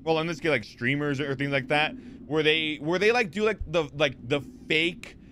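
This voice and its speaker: A man streaming from a home setup, chatting casually with viewers. He rambles in a lively way, reads chat messages aloud and answers them, with plenty of fillers and restarts, close to a desk mic. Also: fairly high pitch, moderate pace, a little hiss or hum. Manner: rambling, animated, lots of fillers and repeats. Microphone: desk microphone.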